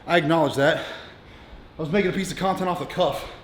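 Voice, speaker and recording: Brief: profane male strength coach in his thirties, slightly high voice, echoey gym room with faint hum. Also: quick pace. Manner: blunt, profane, coaching instructions between lifts. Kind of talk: gym workout vlog talk. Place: gym, indoors.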